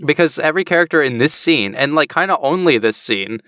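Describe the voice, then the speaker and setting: A man co-hosting a podcast, recapping a book in a casual chat with an animated, laughing delivery. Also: fairly high pitch, fairly quick, no room sound, studio quality. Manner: animated storytelling, frequent laughter. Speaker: podcast co-host.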